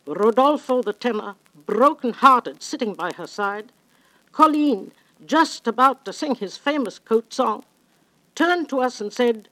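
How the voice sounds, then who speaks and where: A woman's voice: a little high, expressive, unhurried, sharp tone, low-quality recording. Older woman telling a story theatrically. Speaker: opera singer telling an anecdote. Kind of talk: spoken reminiscence.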